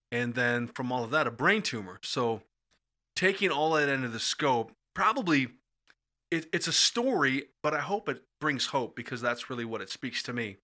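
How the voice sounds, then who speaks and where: Animated man telling wild stories. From Midwestern United States. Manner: acts out quoted voices with big jumps in pitch and loudness. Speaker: storyteller guest. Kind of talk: animated storytelling chat. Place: podcast studio.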